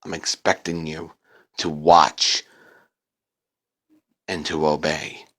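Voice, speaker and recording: Man doing a dark, menacing haunted-TV voice. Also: little pitch movement, full character voice. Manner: slow, low, threatening.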